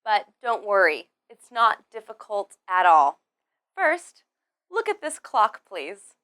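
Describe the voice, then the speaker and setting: A woman teaching English pronunciation, drilling words one by one and stressing each clearly. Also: medium pitch, sing-song, slow, fairly bright tone, dry recording. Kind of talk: slow, deliberate pronunciation lesson.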